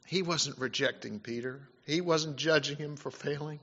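A male preacher with a bright, forceful voice, pitched a little high, delivers a sermon that swings between loud, emphatic passages and soft, hushed stretches. He stumbles and restarts now and then. The recording is dull and lo-fi. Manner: halting, with many fillers and restarts.

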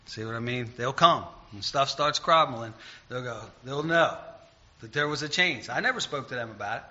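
A man preaching an informal sermon in a conversational way, getting loud and emphatic when he retells stories. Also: medium pitch, expressive, normal speed, muffled recording.

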